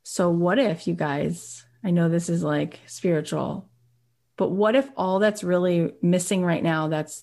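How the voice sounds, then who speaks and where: A woman hosting a podcast, giving an emphatic, animated motivational talk and often checking in with her listeners. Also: on the low side. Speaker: podcast host.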